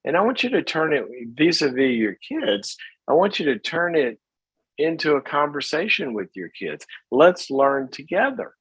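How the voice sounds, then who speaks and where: Middle-aged man, advice show host, husky voice, lively swooping pitch, folksy and animated. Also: normal speed, no echo, rough recording. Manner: animated, folksy, acts out little scenes. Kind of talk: casual advice talk.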